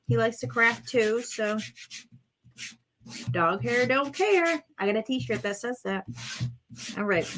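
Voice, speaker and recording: A woman vlogging at home as she does a craft project, chatting to viewers and exclaiming over colors as she works. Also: a little high. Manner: chatty, self-narrating while working, exclaims over colors. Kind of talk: casual crafting chat to viewers.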